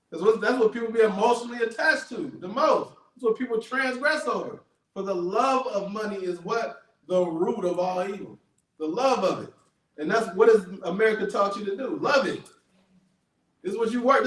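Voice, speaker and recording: A man with a high, ringing voice preaches loudly, repeating each verse in blunt slangy street talk and calling for the next one. The recording is echoey and he sounds set back from the mic. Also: distant mic. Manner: loud, emphatic, repeats and paraphrases verses, slangy. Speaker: street preacher teaching scripture. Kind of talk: street sermon with call and response.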